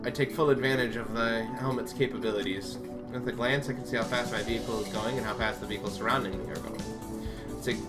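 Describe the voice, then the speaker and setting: A man's voice: medium pitch, fairly even intonation, fast talker, loud music behind the voice. Man reading a game dramatically. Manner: dramatic, sarcastic asides. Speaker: game reader. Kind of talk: reading a visual novel aloud.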